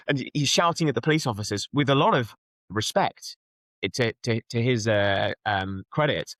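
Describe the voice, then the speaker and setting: A man's voice: fairly low pitch, animated, fairly quick, fairly bright tone, no room sound. A young man from London, speaking earnestly and emphatically as an interview guest, often restarting his sentences. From London, England. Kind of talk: conversational interview.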